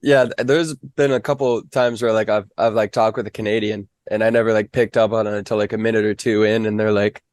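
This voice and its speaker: A man's voice: on the low side, little pitch movement, brisk, few pauses, a little mellow, no echo, clean studio sound. A young man from the Fargo area, a weather reporter and guest, talking in a modest, easygoing way full of "like". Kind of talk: casual interview.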